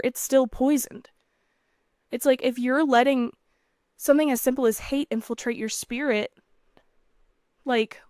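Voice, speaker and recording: A woman's voice: on the high side, no echo, clean studio sound. A young woman hosting a faith podcast, talking earnestly in a chatty way with frequent fillers and playful asides. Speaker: podcast host. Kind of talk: faith talk monologue.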